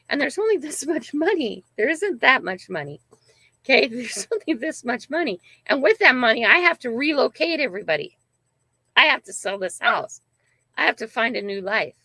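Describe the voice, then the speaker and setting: A woman's voice: a little high, big pitch swings, normal speed, creaky, bright, forceful tone, husky, no echo. An older woman hosting a casual livestream, telling a family story in a rambling, emphatic way and often checking in with "right?". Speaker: channel host.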